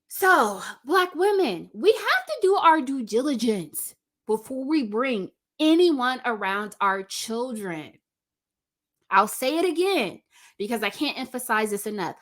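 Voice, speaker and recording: A woman's voice: a little high, a bit bright. A woman hosting a commentary channel, talking straight to her viewers and repeating her points for stress. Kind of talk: direct-to-camera commentary.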